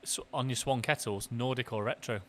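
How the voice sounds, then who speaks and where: A man hosting a podcast, chatting casually and asking quick-fire questions over afternoon tea in a restaurant. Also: mid-range voice, steady tone, a little hiss or hum. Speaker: podcast host, marketing director. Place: restaurant in the city.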